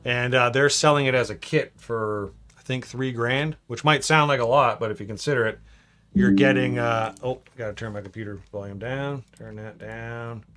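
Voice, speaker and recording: A man from southern Ontario, hosting a casual live stream at home, relaxed and rambling as he reads chat messages aloud between fillers. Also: medium pitch, moderate pace. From Canada, southern Ontario. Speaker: live-stream host, LEGO builder.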